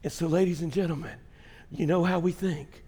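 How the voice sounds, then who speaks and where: A middle-aged man preaching a blunt sermon as pastor, swinging from shouts to a hushed near-whisper and speaking straight to his congregation. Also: a little high, fairly even intonation, brisk, slightly rough, in a large hall. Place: church sanctuary.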